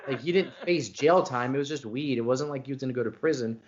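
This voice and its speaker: Male podcast host, mid-pitched, animated and swearing, casual storyteller on dull call audio. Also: fast, noisy background. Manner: animated, profane, rambling storyteller. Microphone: video call.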